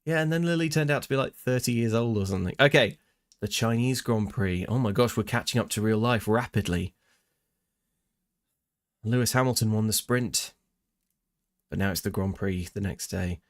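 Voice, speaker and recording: A man's voice: on the low side, normal speed, long pauses. Jokey man live-streaming a game. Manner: jokey, mock-grandiose. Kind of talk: casual live stream commentary.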